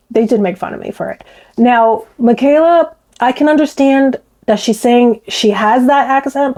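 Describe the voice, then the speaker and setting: A woman's voice: on the high side, mellow. A woman with a faint Bronx accent, rambling through casual commentary with many restarts. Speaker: commentary vlogger.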